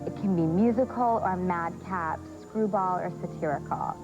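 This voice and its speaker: A woman host delivering scripted TV narration in a measured, poised way. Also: fairly low pitch. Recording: dull broadcast audio with music.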